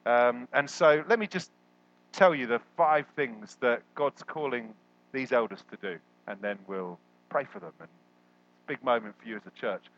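A man preaching a sermon as a guest, animated and jokey, jumping up in pitch when he quotes people. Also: moderate pace, highs cut off. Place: church hall.

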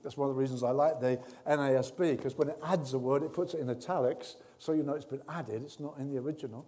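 A man preaching a sermon with earnest warmth, dropping to soft, intimate tones and rising to loud, emphatic bursts. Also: mid-range voice, fast talker. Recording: long reverb of a large hall.

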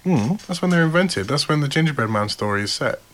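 A man's voice: a little high, lively intonation, fast, fairly bright tone, poor audio. A man hosting a comedy podcast, telling a rambling story in a playful, jokey way. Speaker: podcast host. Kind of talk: casual comedic chat.

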